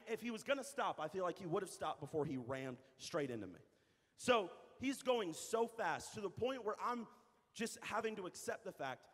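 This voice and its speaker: A young adult man, a youth pastor, telling a story in a sermon, animated and repeating phrases for emphasis. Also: high voice. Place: church hall. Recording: reverberant church hall.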